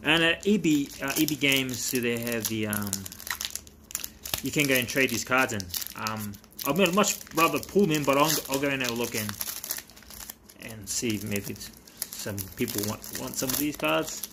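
A vlogger opens trading cards while chatting casually, excitable and talkative with quick bursts of delight. His voice is medium-pitched, and there's background noise.

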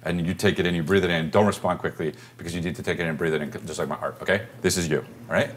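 Deep fast-talking man, lively teasing. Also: slight background noise. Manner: quick, mock-serious, dismissive teasing. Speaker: comedian host. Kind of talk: casual banter while painting.

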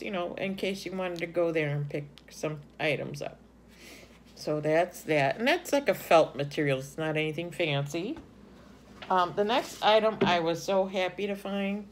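A woman's voice: deep voice, a little hiss or hum. A middle-aged woman chatting casually in a haul video, gushing over items with lots of ums. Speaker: haul vlogger. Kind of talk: casual show-and-tell chat.

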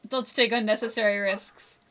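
A woman's voice: medium pitch, sharp tone, slight background noise. A woman giving chatty, giggly let's-play commentary, talking back to the game characters. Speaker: gameplay commentator.

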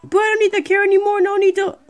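A streamer giving casual let's-play commentary, excitable and rambling, talking back to the game. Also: very high-pitched, racing, soft background music. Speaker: gameplay streamer.

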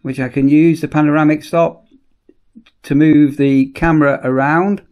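A man giving a casual, chatty product demonstration in a workshop, often repeating "as I say" and pausing on ums. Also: on the high side, flat delivery, a little mellow. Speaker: product reviewer.

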